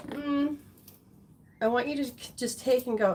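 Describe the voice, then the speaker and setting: A woman's voice: fairly high pitch, expressive, normal speed, pauses often, a little mellow, slight background noise. A woman teaching as a spiritual healer and intuitive reader during a live-streamed session at home. She acts out people's reactions in quoted voices.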